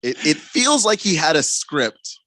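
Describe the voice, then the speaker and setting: A man's voice: a little high, very animated, measured pace, bright, forceful tone, no room sound. A man co-hosting sports talk radio, talking casually with frequent restarts and chuckles. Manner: stammering restarts, laughs while talking.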